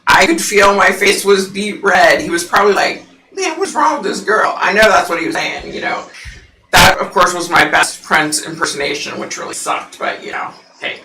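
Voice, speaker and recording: A woman hosting a psychic livestream, chatting casually with viewers and laughing often; her voice sounds unusually deep through the mic. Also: fairly even intonation, normal speed, vocal fry, reverberant, far from the mic, background noise.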